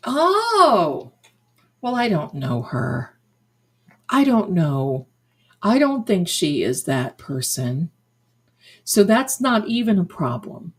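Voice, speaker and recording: A woman's voice: fairly low pitch, sing-song, slow pace, long pauses, darkish tone. An older woman hosting a psychic livestream in casual, effusive chat, full of endearments like "my darling.". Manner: chatty and effusive, showering viewers with endearments. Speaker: psychic medium and livestream host.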